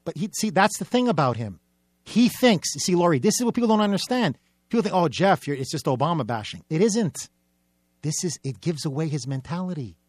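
A man's voice: on the high side, dry recording, clean studio sound. A man hosting a political talk radio show, delivering a combative, mocking monologue with repetitive rhetorical build-ups.

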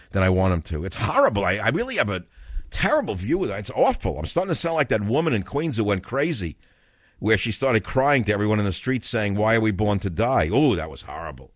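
A man's voice: on the low side, sing-song, fast, no echo, lo-fi sound. An older man hosting a talk radio show, telling rambling stories in an exasperated tone.

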